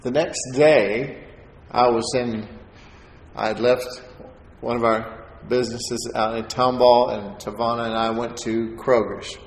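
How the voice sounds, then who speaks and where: A man giving a sermon testimony as a preacher, telling his story in an animated way and acting out the voices of the people in it. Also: medium pitch, measured pace. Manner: animated storyteller, acts out quoted voices with laughter. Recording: echoey hall with faint ambience.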